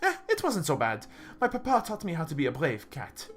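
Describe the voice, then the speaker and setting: A man voicing a sweet, naive young female cat noble in a game, in a high, bubbly tone. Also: wildly swooping pitch, brisk, a bit bright, soft background music.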